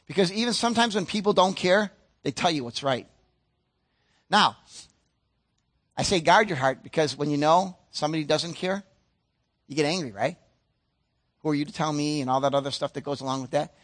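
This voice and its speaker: A man preaching a sermon as pastor, earnest and emphatic, slowing down to stress key points and acting out other people's voices. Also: fairly high pitch, a bit bright. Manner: acts out other people's voices mid-sentence.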